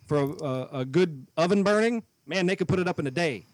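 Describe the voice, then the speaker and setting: A man's voice: a little high, animated, a little fast, no room sound. A man co-hosting a podcast, telling a story in casual chat and acting out both sides of an argument. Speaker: podcast co-host.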